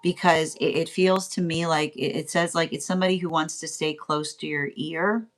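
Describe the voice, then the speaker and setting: A woman giving a spoken tarot reading in a halting, chatty way, often restarting and repeating words. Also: low-pitched. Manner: grows animated and laughing. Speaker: tarot reader.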